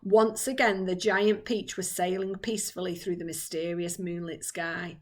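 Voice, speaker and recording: A woman's voice: mid-range voice, steady tone, normal speed. A woman teacher reading a children's book aloud with dramatic expression.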